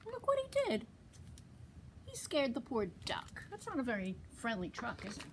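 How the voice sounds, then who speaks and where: A woman's voice: on the high side, huge pitch swings, moderate pace, heavy background noise. A woman librarian reading a picture book aloud to young children, sing-song and asking them questions. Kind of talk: storytime read-aloud.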